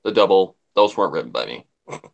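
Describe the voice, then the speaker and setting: A man's voice: low voice, animated, fast talker, gravelly, muffled recording. A man chatting casually on a livestream, a voice actor who jumps between voices to demonstrate them.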